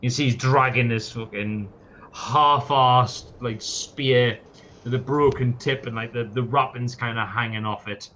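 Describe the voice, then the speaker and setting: A man's voice: mid-range voice, steady tone, unhurried, bright, forceful tone, slight background noise. A man narrating a tabletop game as game master, casual and peppered with swearing and fillers, on a dull lo-fi mic.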